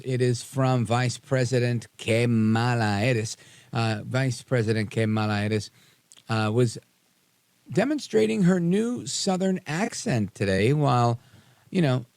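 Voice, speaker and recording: A man's voice: mid-range voice, darkish tone, dry recording. A man hosting a live talk radio show, casual and sarcastic with frequent fillers, in a studio.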